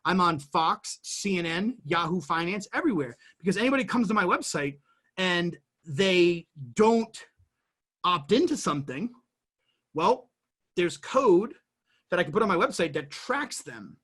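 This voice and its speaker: A man talking as a guest in a casual chat, explaining business in an animated way and jumping between everyday examples. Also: sits high, a little slow, breathy edge.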